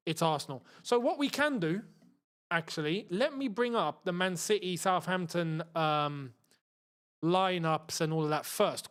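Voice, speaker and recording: A young man with a London accent hosting a live football watchalong, chatting excitably and muttering to himself as he fiddles with the screen. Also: fairly high pitch. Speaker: football channel host.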